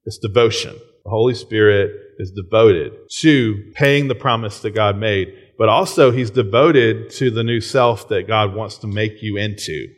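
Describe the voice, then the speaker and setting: A man's voice: fairly low pitch, a little slow, few pauses. A man in his thirties preaching a sermon in a casual, conversational way, often checking in with "right?" and chuckling. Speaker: pastor.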